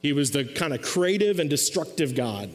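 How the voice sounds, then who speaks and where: A man's voice: a little high, animated, moderate pace, long reverb tail. A man preaching a sermon as pastor, retelling a story with playful asides and acting out the quotes.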